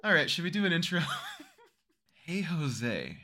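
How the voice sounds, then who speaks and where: A man co-hosting a podcast in casual comedic chat, jokey and quick to break into giggles. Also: on the high side, wildly swooping pitch, pushed and bright. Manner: giggly, jokey, trails off into laughter. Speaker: podcast co-host.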